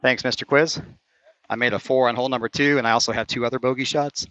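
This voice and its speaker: A man talks his way through his own round on an outdoor course, calling each shot and getting openly frustrated when putts miss. His voice is bright and a little tense. The stream audio sounds dull and lo-fi. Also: medium pitch, fairly even intonation, fast, dry recording. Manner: competitive, frustrated, swearing after bad shots. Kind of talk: casual play-by-play while playing. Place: outdoor mini golf course.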